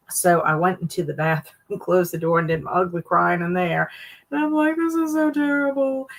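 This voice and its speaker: A woman hosting a casual reading livestream, chatting with viewers and reading their comments aloud, jumping up high for excited greetings. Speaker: livestream host.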